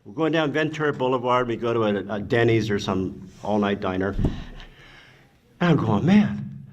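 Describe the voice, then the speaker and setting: Older man spinning lively anecdotes. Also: fairly low pitch, normal speed, highs cut off, slight background noise. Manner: animated, acts out quotes, swears casually. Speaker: actor guest on a convention panel. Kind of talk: anecdotal storytelling.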